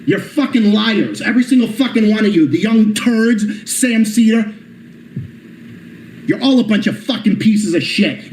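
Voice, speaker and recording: A young man with a high-pitched voice tears into his targets in a nonstop, profane rant. He sounds furious and insulting. The room is echoey, with a faint hiss underneath. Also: a little mellow. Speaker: channel host.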